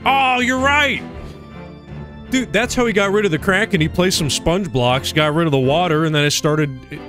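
A man's voice: a little high, brisk, faint music behind. A man streaming a game, thinking aloud casually and exclaiming when things go wrong. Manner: animated, exclaims and swears. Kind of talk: casual gaming commentary.

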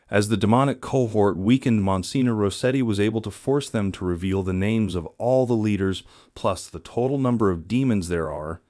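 A man narrating a scripted storytelling video as the channel's host, in a steady, even read. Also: on the low side, no echo, studio quality.

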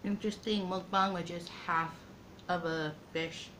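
A woman chatting casually to her viewers in an eating vlog, slow and halting, with many pauses and fillers. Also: fairly low pitch, steady tone, fairly bright tone, slight background noise, poor audio. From Guam. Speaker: mukbang vlogger.

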